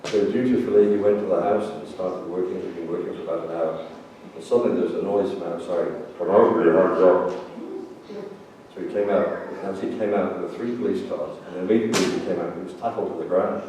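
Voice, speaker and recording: A man's voice: deep voice, steady tone, quick pace, few pauses, warm tone. A man preaching a sermon as a priest, telling stories with a joking, jovial manner. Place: church sanctuary. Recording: echoey church, distant mic, background noise.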